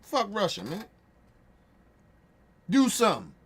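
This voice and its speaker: A streamer host, ranting in profane, confrontational bursts, repeating himself as he reacts to news clips. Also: brisk. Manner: calms to low wrap-up at the end. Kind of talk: heated reaction rant.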